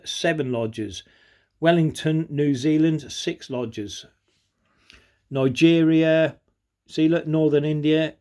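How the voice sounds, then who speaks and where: A man's voice: mid-range voice, a little mellow. A man, talking to camera in a rambling, conspiratorial way as he reads out a list and keeps checking that the listener follows. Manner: conspiratorial, repeats "do you know what I mean". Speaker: vlogger. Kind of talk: rambling monologue reading out a list.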